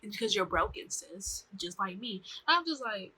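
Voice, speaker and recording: A woman's voice: mid-range voice, moderate pace, hardly any pauses, a little hiss or hum, rough recording. A young woman casually recapping a TV show to camera, chatty and slangy, acting out the characters' lines. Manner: chatty, slangy, animated, acts out quotes. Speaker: vlogger reviewing a TV show.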